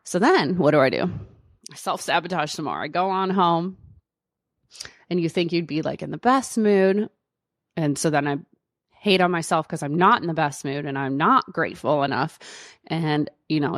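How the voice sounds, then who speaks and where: A woman's voice: low-pitched, animated, normal speed, no echo, studio quality. A woman doctor hosting her own podcast, telling a personal story in a chatty way with lots of fillers. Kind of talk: casual solo podcast storytelling.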